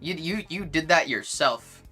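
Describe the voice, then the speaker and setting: A smug, gloating boss who taunts the worker he won't pay , as a woman mimics him mid-rant. The tone is bright and forceful. Faint music plays behind. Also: low-pitched, animated, a little slow, full character voice. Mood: smug taunting. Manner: mocking, taunting. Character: smug male boss gloating over unpaid wages.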